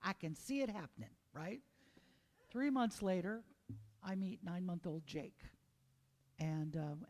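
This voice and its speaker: A woman from Arkansas, a church singer, telling a tender personal story in a soft, quickening voice in a church sanctuary. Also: low-pitched, long reverb tail. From Arkansas, USA. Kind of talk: personal story, then song. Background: instrumental accompaniment.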